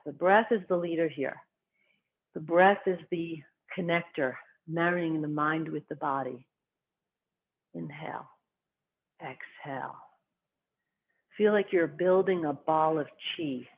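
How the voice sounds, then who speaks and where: A qigong instructor guiding a class through movement and breathing, giving calm, short cues timed to the breath. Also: medium pitch. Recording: tinny phone-like sound.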